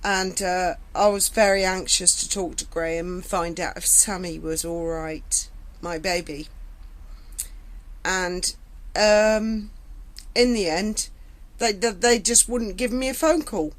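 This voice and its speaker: A middle-aged woman tells a personal story slowly, emotional and halting, often repeating her words. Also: fairly low pitch, low-quality recording. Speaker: vlogger recounting her past.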